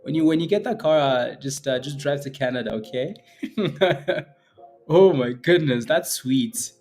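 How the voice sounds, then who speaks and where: A man hosts a live day-trading stream, chatting casually with viewers, reading the chat and laughing often in a playful way. His mid-range voice is a little slow and a little mellow, with soft background music behind it.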